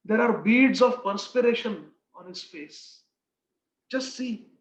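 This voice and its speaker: A man's voice: high-pitched, slow pace. A man voicing an anxious, loving mother who pleads for her young son, told as part of a devotional story. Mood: scolding. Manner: pleading, tender. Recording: echoey room, dull lo-fi sound.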